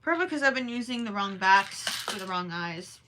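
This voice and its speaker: A woman's voice: medium pitch, animated, brisk, noisy background. A young woman chatting casually on a crochet livestream, reading and answering viewers as she works. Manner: chatty and distracted, often stops to count stitches under her breath.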